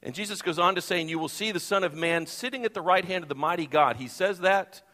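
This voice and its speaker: A man preaching a sermon from the pulpit, expressive, acting out the Bible quotes he tells. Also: sits high, quick pace. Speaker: pastor. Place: church sanctuary. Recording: long reverb of a church hall.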